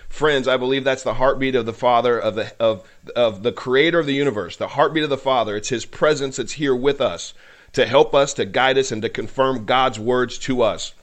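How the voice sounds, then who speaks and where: A man's voice: mid-range voice, normal speed, fairly bright tone. A man hosting a podcast, giving emotional faith-based commentary in a fervent, preacherly way, at times choked up. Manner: fervent, preacherly, voice rising with passion. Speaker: podcast host.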